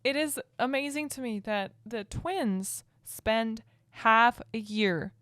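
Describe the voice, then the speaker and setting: A woman's voice: on the high side, slow pace, a bit bright, dry recording, clean studio sound. Curious, giggly woman. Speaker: podcast co-host. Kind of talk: casual chat.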